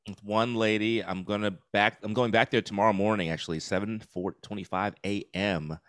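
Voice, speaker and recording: Candid forty-something man, low smooth voice. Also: steady tone, fairly quick, a bit bright, no echo. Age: 40s. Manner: candid, laughs easily, rambling with fillers. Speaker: comedian guest. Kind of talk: casual podcast chat. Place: New York City.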